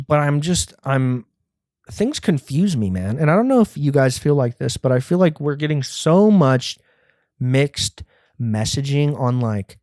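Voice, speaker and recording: Rambling, foul-mouthed young podcast host. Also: male voice, mid-range voice, dark tone, no echo, clean studio sound. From United States. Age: young adult. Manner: rambling, profane, often laughing. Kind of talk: comedic solo podcast monologue.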